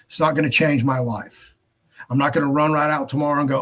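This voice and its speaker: A man's voice: fairly high pitch, steady tone, quick pace, fairly bright tone. A male show host delivering a blunt, profane, exasperated rant with frequent restarts. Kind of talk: ranting monologue.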